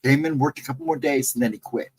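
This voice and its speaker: A man's voice: mid-range voice, fairly even intonation, fast talker, darkish tone, breathy edge, low-quality recording. A man casually recounting his own ghost encounters in a rambling, self-correcting way. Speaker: guest storyteller.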